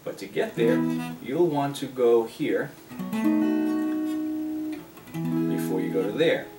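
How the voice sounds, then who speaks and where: A man's voice: mid-range voice, animated. A man teaching a guitar lesson, explaining chords and strumming while he plays, sometimes singing a line. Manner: unhurried, explains while playing, breaks into singing. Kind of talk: relaxed guitar lesson, talking and singing along. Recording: roomy sound, mic at a distance, loud guitar. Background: his own guitar playing.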